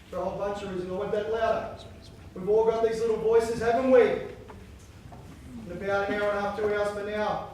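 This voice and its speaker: A man giving a lively conference keynote on coaching, chanting lines and acting out inner voices. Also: sits high, a little hiss or hum. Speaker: keynote speaker. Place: large conference hall. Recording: echoey hall from far off.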